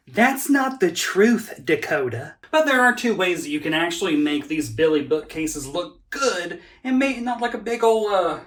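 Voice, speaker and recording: A man performing as a campy drag queen hosts a comedic vlog from his home office. His voice sits slightly high and leaps even higher for theatrical, sassy exclamations. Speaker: drag queen comic vlogger.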